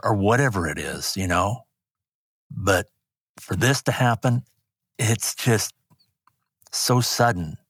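Grieving older man, low dry voice. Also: fairly bright tone, slightly rough, no room sound. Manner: halting, grief-stricken, voice rising when angry. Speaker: guest. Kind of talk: emotional interview talk.

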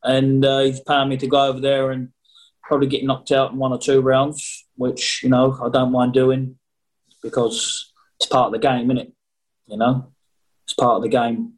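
A man chats over a video call with a cheeky, rambling manner. He jokes his way through answers in a middle-pitched voice, casual and full of fillers. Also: completely flat delivery, moderate pace, rough recording. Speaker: boxer interviewee. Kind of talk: casual remote interview.

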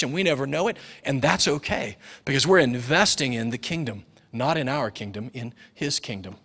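Pastor in his forties, preaching with a lively, joking storyteller's touch; voice sits a bit high and rings out in a reverberant church hall. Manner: storytelling with humor, acts out quoted voices. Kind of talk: sermon. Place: church sanctuary.

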